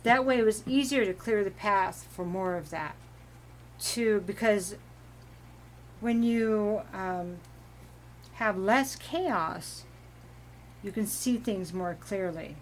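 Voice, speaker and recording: A woman giving a casual, meandering tarot reading at home, giggling now and then and clearing her throat from allergies. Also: medium pitch, takes it slowly, pauses often, a little hiss or hum. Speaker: tarot reader.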